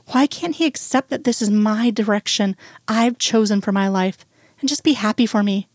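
A woman's voice: mid-range voice, moderate pace, darkish tone, dry recording, lightly acted. A woman reading the lines of an upset young woman in her late twenties, keeping close to her own voice. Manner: read in the narrator's own voice.

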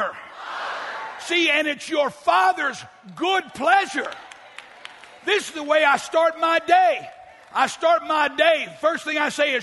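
An older man preaching a sermon as pastor, shouting often and rushing through quick asides. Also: extremely high pitch, big-room sound, a faint crowd, slight background noise.

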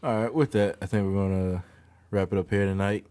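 Easygoing man with a very deep voice. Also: fairly even intonation, a little fast, warm tone. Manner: easygoing, filler-heavy. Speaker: podcast host. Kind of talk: casual chat.

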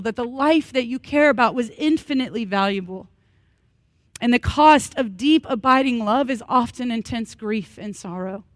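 A woman's voice: fairly high pitch, no room sound. Earnest woman pastor in her thirties preaching. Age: 30s. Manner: earnest, with lively humorous asides. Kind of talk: sermon. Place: church worship service.

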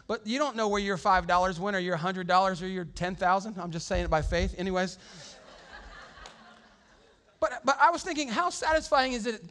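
Male pastor, high-pitched, animated conversational sermon style in a church sanctuary. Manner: animated, conversational preaching with acted-out quotes.

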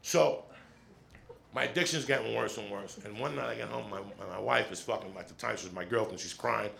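A middle-aged man with a deeply gravelly, bright and forceful voice, doing stand-up storytelling. He talks in an animated, profane rush and keeps tossing "right?" to the crowd. His delivery is loose and conversational. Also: brisk, a little hiss or hum. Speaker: stand-up comedian. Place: comedy stage with audience.

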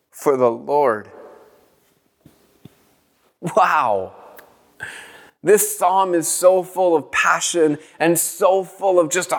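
A man preaching a sermon, earnest and reflective, softly repeating short phrases as he speaks. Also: a little high, big-room sound. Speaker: pastor.

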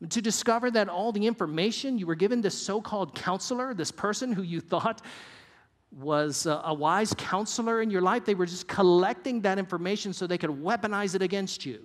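Earnest male preacher, high voice. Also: brisk, in a large hall. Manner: earnest, varies pace and drops low for emphasis. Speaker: pastor. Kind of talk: sermon.

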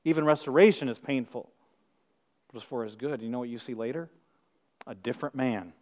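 A middle-aged male pastor preaching a sermon, firing rhetorical questions and swinging from hushed, intimate moments to loud emphasis. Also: mid-range voice, fairly quick, big-room sound.

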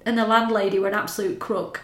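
A woman's voice: medium pitch, little pitch movement, quick pace, a bit bright, reverberant. A woman, chatting casually as a podcast co-host, swearing and laughing as she talks. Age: 30s. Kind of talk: casual chat.

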